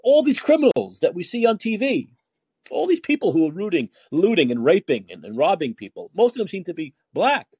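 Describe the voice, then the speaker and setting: A man's voice: high voice, very animated, brisk, a little mellow, husky, no room sound. A man hosting a call-in podcast, ranting with indignation and firing off rhetorical questions, often repeating words as he heats up. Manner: repeats words when heated. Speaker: podcast host taking calls.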